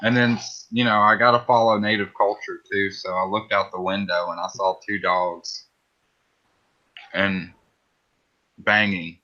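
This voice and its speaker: Low, bright-edged deadpan man. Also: unhurried, long pauses. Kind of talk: casual chat on a live stream. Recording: dull lo-fi mic sound.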